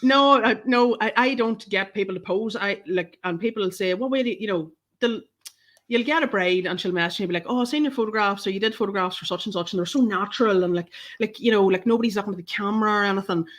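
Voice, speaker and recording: A fast-talking Northern Irish woman with a medium-pitched voice, appearing as a photographer guest on a podcast. She tells animated stories in casual conversation and swears freely.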